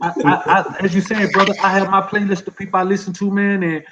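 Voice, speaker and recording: A man's voice: high voice, little pitch movement, fast talker, a bit bright, lo-fi sound, slight background noise. A man chatting as a guest, laid-back, ending nearly every phrase with "man". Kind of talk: casual chat.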